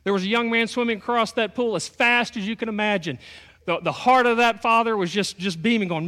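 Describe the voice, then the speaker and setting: Guy preaching, pretty high voice, folksy story vibe, big echoey church sound. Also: fairly quick, sharp tone. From Texas. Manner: folksy storytelling with a joking touch. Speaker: pastor. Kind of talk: sermon.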